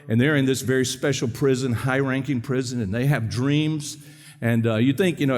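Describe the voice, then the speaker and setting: A man preaching in a church sanctuary at an ordinary, middling pitch. He talks fast and conversationally, tossing questions out to the congregation. His voice trails off into the long reverb of a big church hall. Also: darkish tone. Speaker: pastor. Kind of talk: sermon.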